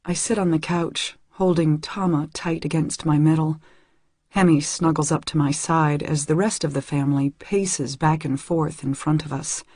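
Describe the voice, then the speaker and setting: Husky woman reading an audiobook. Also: deep voice, steady tone, normal speed, a little mellow, dry recording, clean studio sound. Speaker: audiobook narrator. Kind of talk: first-person novel reading.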